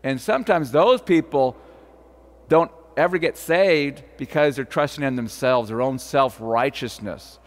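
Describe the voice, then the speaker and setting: A man's voice: medium pitch, unhurried, long reverb tail. A man preaching a sermon in a church, talking in a conversational way and quizzing the congregation, with frequent fillers and restarts. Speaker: pastor. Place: church sanctuary.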